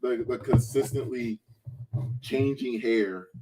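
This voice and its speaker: A man's voice: medium pitch, slow pace, heavy background noise. A man co-hosting a casual podcast, joking, mocking and blunt in his opinions.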